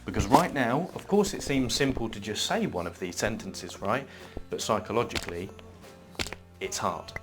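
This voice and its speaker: A man calmly teaching how to state a boundary, reading example sentences aloud in an instructional video. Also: fairly low pitch. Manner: calm, measured, reads example sentences aloud. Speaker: self-help teacher. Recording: loud background music.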